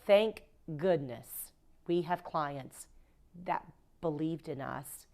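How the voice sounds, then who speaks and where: A woman's voice: low-pitched, slow, a little mellow. A woman who owns a cleaning company, talking as a podcast guest in casual conversation, emphatic and acting out quoted dialogue as she tells her stories. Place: podcast recording.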